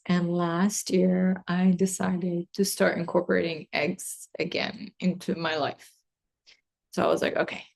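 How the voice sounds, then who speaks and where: A woman's voice: fairly low pitch, vocal fry. A woman who owns a beauty business, talking to camera from her office in an emphatic, ranty way with lots of "like.". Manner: ranty and emphatic, heavy use of "like". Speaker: beauty business owner and host. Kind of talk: casual talk to camera.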